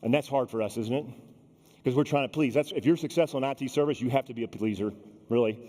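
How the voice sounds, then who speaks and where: A man with a mid-range voice talks at a quick pace, delivering a storytelling keynote to a conference audience in a large hall. He's animated, speaking straight to the crowd and acting out the people he quotes. The recording carries a long hall reverb.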